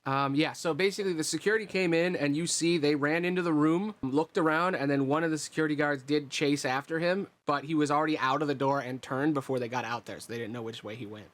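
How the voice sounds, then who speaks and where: A man narrating as game master of a tabletop role-playing game, describing scenes in a relaxed, meandering way with fillers. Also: fairly high pitch, fast talker, hardly any pauses.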